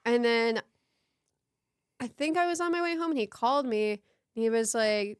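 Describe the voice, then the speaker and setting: Young woman on a comedy podcast, rambly storytelling, smooth clear voice, dry close mic. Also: a little high, expressive, normal speed, long pauses, no room sound. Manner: rambling storytelling with trailing sentences and lots of "like". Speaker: podcast co-host. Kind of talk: casual comedy podcast chat.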